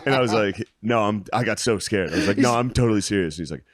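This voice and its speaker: A man's voice: on the low side, fast talker. A young man in casual chat, crude and joking, laughing often.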